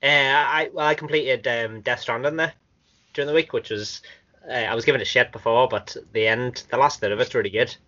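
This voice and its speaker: A man co-hosting a casual gaming podcast. He is chatty and excitable, and laughs often. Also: mid-range voice, fairly quick. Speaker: podcast co-host. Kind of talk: casual chat. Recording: dull lo-fi recording.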